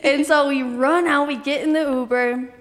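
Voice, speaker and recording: High-voiced giggly woman co-host. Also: normal speed, in a large hall, slight background noise. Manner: giggly, lively storyteller. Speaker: podcast co-host. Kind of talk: casual chat.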